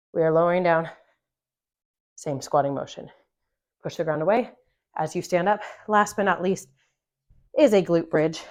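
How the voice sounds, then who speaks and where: In this follow-along workout video, a fitness coach encourages her viewers through a home session, explaining each exercise between breaths while she is winded. Her pitch is fairly low and her tone somewhat dark.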